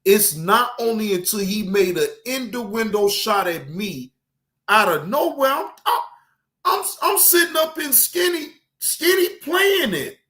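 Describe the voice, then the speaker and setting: A man's voice: high-pitched, lively intonation, a little slow, pushed and bright. A man hosting his channel, angrily ranting at a rival and swearing freely as he talks straight to him. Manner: angry, profane, addresses a rival directly. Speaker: streamer and channel host. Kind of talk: heated reaction rant.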